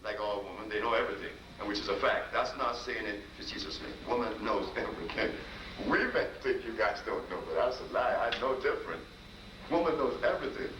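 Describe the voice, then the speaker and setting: A man's voice: on the low side, lively intonation, brisk. A man giving a storytelling lecture as a healer, folksy and repetitive, acting out dialogue. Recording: echoey room, distant mic, noisy.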